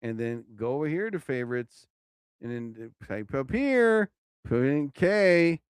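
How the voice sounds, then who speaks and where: A man hosting his own live show, rambling casually and exclaiming loudly as he talks. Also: medium pitch, big pitch swings, measured pace, clean tone, dry recording, studio quality. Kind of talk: casual live-stream monologue.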